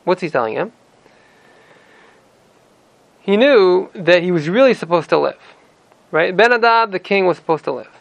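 A man's voice: high-pitched, animated, moderate pace, gravelly, pauses often, dry recording, low-quality recording. A man teaching a scripture passage, reading verses in Ashkenazi-accented Hebrew and then retelling them in plain English. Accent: Ashkenazi Hebrew pronunciation. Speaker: Torah teacher. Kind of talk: explaining a scripture text to a student.

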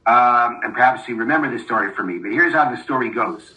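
A man's voice: mid-range voice, expressive, fairly quick, sharp tone, rough recording. A man giving a Torah class in a thoughtful way, with many fillers and restarts as he explains a text and reads a story aloud. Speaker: Torah teacher.

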